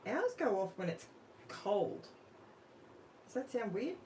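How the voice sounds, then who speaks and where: A woman's voice: medium pitch, big pitch swings, slow, darkish tone, distant mic, rough recording. An Australian woman hosting a live crafting stream, chatting casually and thinking aloud while she works, asking viewers questions. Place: home craft room. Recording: off-mic with faint room noise.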